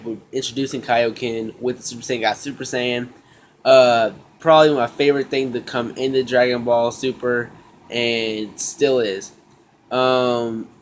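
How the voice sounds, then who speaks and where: Slangy excitable male anime reviewer. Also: mid-range voice, slight background noise. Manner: slangy, excitable, acts out characters' lines with laughs. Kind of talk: casual episode recap.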